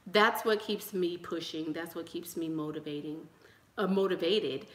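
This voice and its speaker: A woman's voice: fairly low pitch, steady tone, moderate pace, fairly bright tone, echoey room. A young woman giving an emphatic, sermon-style motivational talk to her channel's viewers, repeating rallying lines. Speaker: YouTube channel host.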